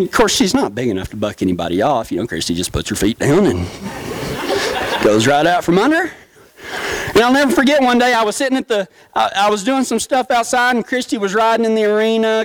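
A man's voice: high-pitched, clean tone, no room sound. Man, middle-aged, folksy stage storyteller, laughs often, dry close sound. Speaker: stage speaker. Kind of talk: humorous storytelling talk.

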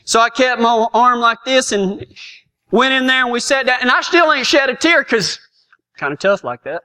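A man's voice: extremely high pitch, expressive, moderate pace, pushed and bright. A middle-aged man telling a comic personal story in a folksy, self-mocking way, laughing often. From Texas.

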